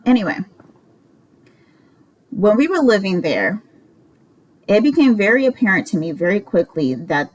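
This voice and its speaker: A woman's voice: on the low side, rough recording. A woman in her twenties telling a roommate story in a casual, rambling way, exasperated and swearing freely. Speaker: vlogger.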